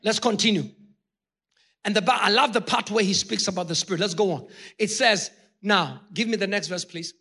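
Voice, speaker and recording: Preacher guy with a kinda husky, sharp high voice, gets shouty and fired up. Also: moderate pace. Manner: impassioned preaching with shouted peaks; addresses the congregation directly. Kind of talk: sermon.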